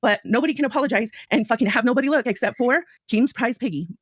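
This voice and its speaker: A woman's voice: on the high side, quick pace, dry recording. A woman in a heated livestream call argument, ranting with constant profanity. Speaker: community member on a stream call.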